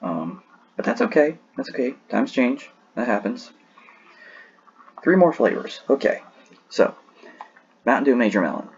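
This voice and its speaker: A man's voice: mid-range voice, sing-song, measured pace, vocal fry, long pauses, highs cut off, a little hiss or hum. A man rambling casually as he ranks sodas in a tier list, sleepy and yawning, often restarting his sentences. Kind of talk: casual solo commentary.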